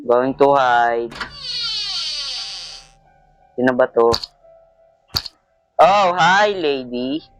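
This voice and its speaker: A man commenting on a horror game as he plays, jumpy and excitable, yelping at scares. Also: a little high, muffled recording. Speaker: gamer playing a horror game. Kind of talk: let's play commentary, mixing Tagalog and English.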